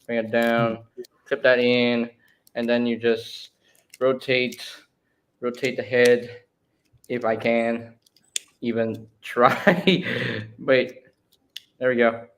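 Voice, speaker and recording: A man's voice: mid-range voice, monotone, slow, pauses often. A man co-hosting a casual live stream, explaining a toy's transformation step by step. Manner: step-by-step explaining while handling a toy.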